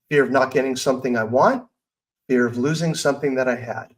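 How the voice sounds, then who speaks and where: Speaking at a fairly quick clip with a medium-pitched voice, this middle-aged man hosts a podcast about personal growth. He delivers motivation earnestly and candidly, in a chatty way punctuated by remarks to himself, over a low-quality recording.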